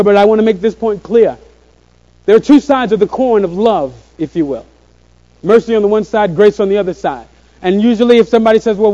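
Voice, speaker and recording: A man preaching a sermon to a room of listeners, earnest and slowing down on key phrases. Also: high voice, warm tone, highs cut off. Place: room with a congregation.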